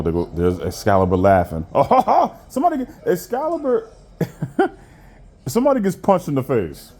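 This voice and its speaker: A man giving a profane, animated rant while reviewing a wrestling show, often laughing and jumping high in mock disbelief. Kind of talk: profane rant commentary over a watched show.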